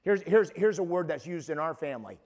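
A man's voice: a little high, expressive, brisk, a little mellow. A man preaching a sermon as pastor, emphatic, often restarting and repeating his words.

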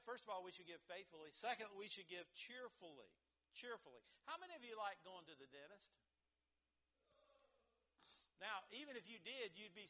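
A man's voice: high voice, bright, forceful tone. A man preaching a folksy sermon in church, asking the congregation questions and chuckling as he goes.

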